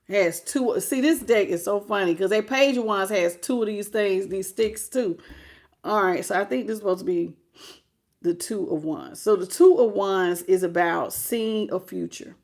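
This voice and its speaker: A woman giving a live tarot reading in a blunt, slangy, animated way, greeting chat viewers as she goes. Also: mid-range voice. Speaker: tarot reader.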